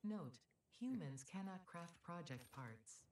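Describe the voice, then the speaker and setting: A corporate AI assistant in a game, low and measured, delivering notices with a cold, dutiful politeness. The sound is roomy and set back from the mic, as if played through a game's speakers. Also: female voice, slight background noise. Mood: announcing. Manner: calm, announcing, dry corporate politeness. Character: cheery corporate female AI, coldly dutiful. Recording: roomy, distant game audio.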